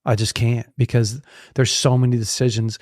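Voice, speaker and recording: A man's voice: medium pitch, little pitch movement, moderate pace, darkish tone, no echo, studio quality. A man who hosts a podcast and preaches, talking in a reflective, candid way. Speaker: podcast host, pastor. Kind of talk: conversational podcast interview.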